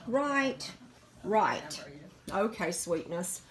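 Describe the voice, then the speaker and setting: Filming on her phone at home, a middle-aged Virginia woman who breeds dogs coos over a puppy in gushing baby talk. She has an expressive, mid-range voice and a moderate pace.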